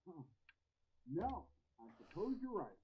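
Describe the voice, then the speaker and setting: An actor playing a quiet, resigned father in a story game. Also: sits high, very animated, takes it slowly, lo-fi sound, heavily acted.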